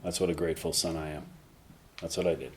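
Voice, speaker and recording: A man's voice: extremely low pitch, steady tone, fast, a little mellow, a little hiss or hum. A man telling his recovery story to a meeting, candid and self-mocking, with dry jokes at his own expense. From North Carolina. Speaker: recovery speaker.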